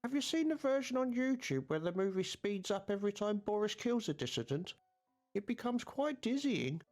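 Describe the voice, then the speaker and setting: A man's voice: sits high, very animated, moderate pace, darkish tone, faint music behind. An actor playing a prim, lonely adult man still ruled by his mother, speaking in a formal, mild and wistful way.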